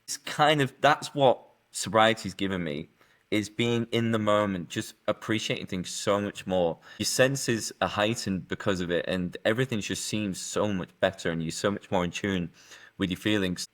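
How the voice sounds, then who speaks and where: Brief: middle-aged guest, low-pitched, earnest, emotional, restarts often. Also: male voice, normal speed, fairly bright tone. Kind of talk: candid personal story.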